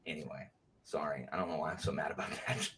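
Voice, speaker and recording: A man hosting a livestream, talking in a heated, animated rant full of slang in casual chat. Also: a bass voice, quick pace, slight background noise. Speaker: livestream host. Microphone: clip-on mic. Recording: distant from the mic.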